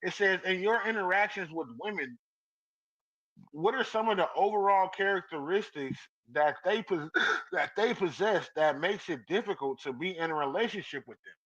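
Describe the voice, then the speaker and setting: A man's voice: sits high, normal speed, fairly bright tone, muffled recording. A man hosting a casual live podcast, teasing his listeners and calling them out by name, laughing often. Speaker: podcast host. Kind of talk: casual live-stream chat.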